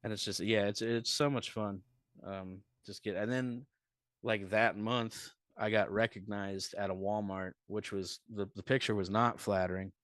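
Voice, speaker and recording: A man's voice: on the low side, fairly even intonation, measured pace, a bit bright, no room sound, studio quality. A man who is a comedian, chatting casually on a podcast as a guest and telling rambling, profane stories.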